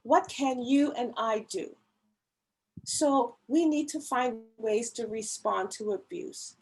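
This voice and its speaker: A woman gives a church talk on caring for others, speaking slowly and earnestly. Her voice sits a little high and has a husky edge. She presses her points with emphatic pleading. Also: a little mellow, rough recording. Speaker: women's ministry speaker. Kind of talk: church talk on mental health. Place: church service, online meeting.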